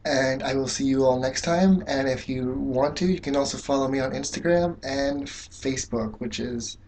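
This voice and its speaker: Man, makeup vlogger, rambling casual chat, frequent fillers, blunt with swearing, middling pitch, faint background hiss. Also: moderate pace, darkish tone. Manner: rambling, filler-heavy, frank and profane. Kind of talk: casual storytelling while doing makeup.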